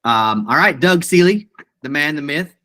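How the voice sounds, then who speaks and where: A man's voice: a little high, expressive, normal speed, bright, forceful tone, dry recording. A man hosting a team video meeting, upbeat and full of praise. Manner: upbeat, effusive praise, says awesome often. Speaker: meeting host.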